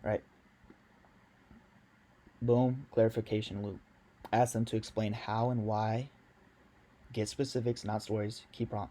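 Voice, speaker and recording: A young man coaches sales in a loose, slangy video lesson, talking straight to his viewers. His voice sits fairly low and has a dark, mellow tone. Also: fairly even intonation, normal speed, long pauses, slight background noise.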